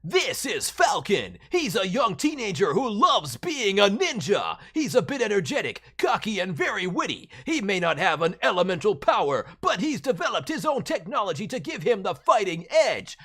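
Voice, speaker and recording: A woman putting on a gruff heroic racer's voice to read a character description. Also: mid-range voice, big pitch swings, moderate pace, few pauses, fairly bright tone, pitched above the performer's own voice. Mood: announcing.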